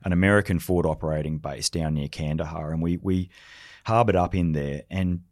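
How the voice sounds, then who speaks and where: A man's voice: sits low, fairly quick, a little mellow, dry recording, clean studio sound. A middle-aged man from Australia, a former special forces soldier turned leadership consultant, telling anecdotes in a podcast conversation and acting out the dialogue he quotes.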